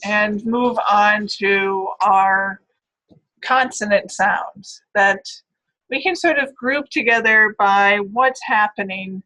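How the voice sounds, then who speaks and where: Bright-voiced woman lecturing on phonetics. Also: medium pitch, slow, rough recording. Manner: explanatory, with frequent "right?" and "all right". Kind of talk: recorded classroom lecture.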